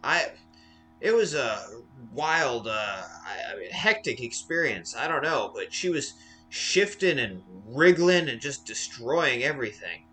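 A man voicing a shaken young sailor who speaks haltingly. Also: mid-range voice, sing-song, sharp tone, slight background noise. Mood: rattled. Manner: halting, hesitant.

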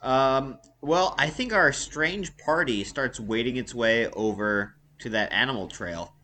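A man's voice: medium pitch, a little slow, sharp tone, slight background noise. A man playing a tabletop game, making wry jokes. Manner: wry, joking. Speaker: player.

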